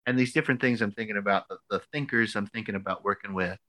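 An American man in his thirties, a podcast co-host, telling a story casually with lots of fillers and lively quoted voices. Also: on the low side, fast, dry recording. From United States. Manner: animated, filler-heavy storytelling.

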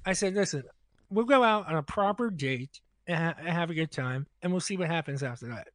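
A man's voice: on the high side, animated, brisk, fairly bright tone, no room sound. A man casually telling a long anecdote on a podcast, acting out both sides of the dialogue. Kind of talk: casual storytelling.

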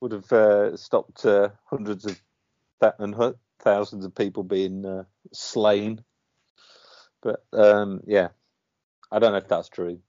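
A man's voice: fairly low pitch, fairly even intonation, slow pace, dark tone. A man co-hosting a casual podcast chat, rambling and hesitant, full of ums and uhs. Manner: rambling, hesitant with many fillers. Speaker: podcast co-host. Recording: dull lo-fi dry recording.

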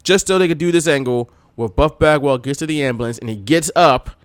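A man's voice: a little high, brisk, clear, resonant tone, no echo. A man co-hosting a casual wrestling podcast, telling stories with energy and acting out quotes. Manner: animated storytelling, acts out quotes in a raised voice. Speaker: podcast co-host.

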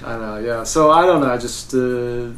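A man in casual podcast chat, giving his take on a film in a halting way with many fillers. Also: mid-range voice, a crowd in the background. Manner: hesitant, halting, lots of fillers. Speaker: podcast co-host. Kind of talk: casual movie review chat. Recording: roomy echo with faint background noise.

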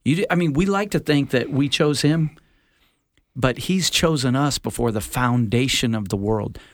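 A man's voice: mid-range voice, moderate pace, no echo, studio quality. A man on a faith podcast, speaking in a playful, emphatic way. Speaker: podcast guest. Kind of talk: casual faith podcast chat.

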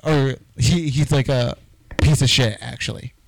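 A man's voice: medium pitch, a little slow, gravelly, dry recording, poor audio. A man casually retelling a show plot on a podcast, rambling with lots of fillers. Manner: rambling storyteller, fillers and acted quotes. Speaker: podcast co-host. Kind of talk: casual chat.

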